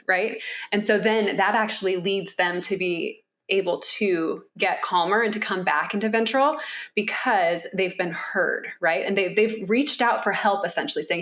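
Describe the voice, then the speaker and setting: A woman co-hosting a podcast, explaining with animated delivery and acting out voices she quotes. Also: mid-range voice, moderate pace. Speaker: podcast co-host. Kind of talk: conversational explaining.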